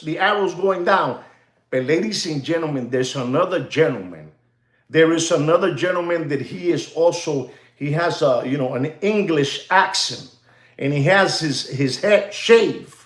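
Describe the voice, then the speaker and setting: A man hosting a live show, talking in animated, repetitive fashion and slipping in Spanish phrases. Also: sits high, echoey room. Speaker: host of a live watch market show. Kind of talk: rambling live-stream commentary.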